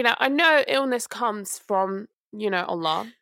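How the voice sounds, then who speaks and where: A woman's voice: medium pitch, animated, unhurried, fairly bright tone, no room sound, clean studio sound. A young woman, ranting animatedly as a podcast co-host, unwell. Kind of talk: casual chat.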